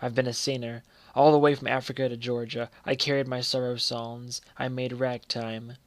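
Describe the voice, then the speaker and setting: Male poetry reader, steady mid-range voice, measured pacing with soft line endings, little melodic movement. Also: medium pitch, dry recording. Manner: measured, letting line ends fall quiet. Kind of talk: poetry recitation.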